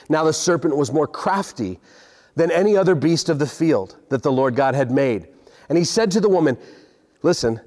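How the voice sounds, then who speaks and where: A man's voice: a little high, a little mellow. A man in his forties preaching a sermon to a congregation, earnest, often repeating words as he builds his points. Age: 40s. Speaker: pastor. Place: large hall with congregation. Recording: long hall reverb.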